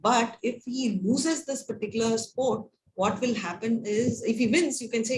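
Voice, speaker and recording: A woman's voice: fairly high pitch, normal speed, few pauses. Chatty woman telling a devotional story. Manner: chatty, with many fillers and "right?" checks. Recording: noisy room recording.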